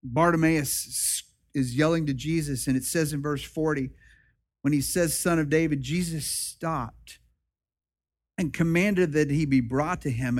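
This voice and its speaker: A male pastor preaching a sermon in an impassioned, repetitive style that rises and drops. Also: fairly high pitch.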